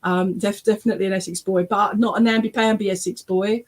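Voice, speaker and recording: A woman medium gives an online reading over a video call. Her voice sits at a middling pitch for a woman. She is chatty and emotional, keeps checking in with her listener, and slips easily into laughter and teary exclamations. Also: steady tone, fairly quick. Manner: chatty, checks in often with "okay?" and "all right?". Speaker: spiritualist medium.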